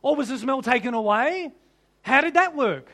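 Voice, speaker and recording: A man preaching a sermon, animated and humorous, often laughing and piling up rhetorical questions. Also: very high-pitched, normal speed, gravelly.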